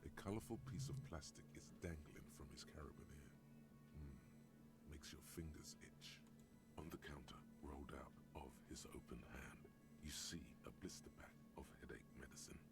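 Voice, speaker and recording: A man narrating a video game in a hushed, half-whispered, ominous manner. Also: a bass voice, normal speed. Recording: game audio with loud music.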